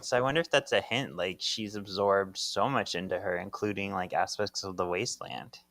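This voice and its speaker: A man's voice: sits low, moderate pace, gravelly, a bit bright, dry recording. A man co-hosting a podcast, telling the story of a comic casually and laughing along. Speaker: podcast co-host. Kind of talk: casual chat recapping a comic.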